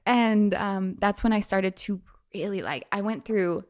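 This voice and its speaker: A young woman as a podcast guest, telling personal stories in a chatty way with lots of fillers and quick laughs. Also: mid-range voice, a little mellow. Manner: chatty, frequent fillers, quick laughs, acts out quoted voices. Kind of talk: casual storytelling.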